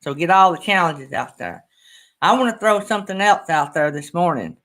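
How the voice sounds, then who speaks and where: Middle-aged man, host of a folksy morning live chat, rambling and emotional, bright lifted voice. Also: on the high side, lively intonation, normal speed. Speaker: channel host. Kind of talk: casual livestream chat.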